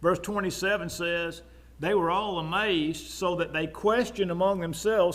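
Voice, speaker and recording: High-voiced Texan preacher teaching. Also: male voice, steady tone, measured pace, fairly bright tone. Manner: conversational, many fillers and asides. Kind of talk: sermon, Bible class teaching.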